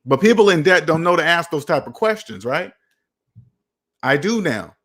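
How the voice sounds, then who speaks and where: A man's voice: fairly high pitch, animated, moderate pace, fairly bright tone. A man hosting a personal finance livestream, talking emphatically to his chat, repeating points and asking rhetorical questions.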